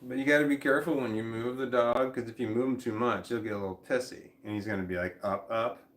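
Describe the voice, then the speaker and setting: A tired, high man rambling casually in a vlog, talking drowsily with a slight slur while lying down at home. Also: steady tone, quick pace, reverberant. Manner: drowsy, rambling, laughs to himself. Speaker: vlogger.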